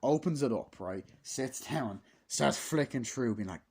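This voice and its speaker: A man talking through a movie review off the cuff, with a mid-pitched voice. He rambles from point to point, swears freely, and leans on fillers. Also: expressive, a little slow, few pauses, darkish tone, husky. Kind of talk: casual, unscripted spoken review.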